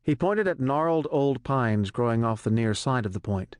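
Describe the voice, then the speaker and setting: A man narrates a thriller audiobook in a measured, even storytelling voice at a mid pitch. He is recorded close on a studio mic in a dead, dry room. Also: no room sound.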